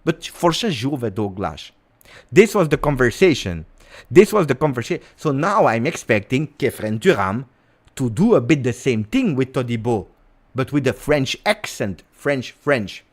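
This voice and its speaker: A man hosting a live stream, speaking to viewers in a relaxed, off-the-cuff way. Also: medium pitch, moderate pace. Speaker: host.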